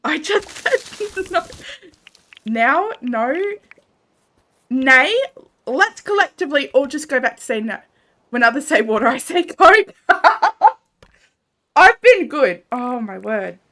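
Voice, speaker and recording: Aussie girl streaming a game, laughs a lot, reads chat, kinda high bright voice. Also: sing-song, unhurried. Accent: Australian. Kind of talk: casual gameplay livestream chat.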